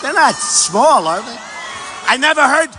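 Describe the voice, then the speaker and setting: Man shouting repetitive rally lines. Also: very high voice, sing-song, measured pace, some chatter behind. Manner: repetitive, emphatic, boastful, with shouted asides. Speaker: political candidate. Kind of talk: campaign rally speech. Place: large indoor rally venue. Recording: long arena reverb, faint background noise.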